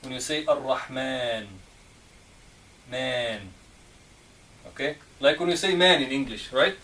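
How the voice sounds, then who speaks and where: Male teacher, slow and patient, heard from a distance over faint background hum. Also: mid-range voice, sharp tone. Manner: slow and patient, checking understanding with "okay?" and "right?". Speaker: Arabic teacher. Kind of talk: classroom lesson on Arabic letters. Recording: distant mic, faint room noise.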